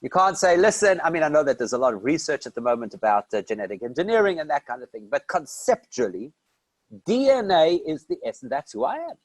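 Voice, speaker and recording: A man's voice: on the high side, big pitch swings, fast talker, no room sound, poor audio. A man from South Africa giving a conversational Torah lesson, posing questions and answering them himself. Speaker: rabbi teaching a class. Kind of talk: Torah lecture.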